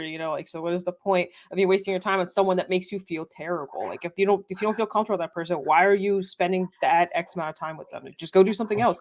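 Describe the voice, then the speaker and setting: A woman on a casual podcast chat, chatty and laughing easily. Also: on the low side. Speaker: podcast co-host.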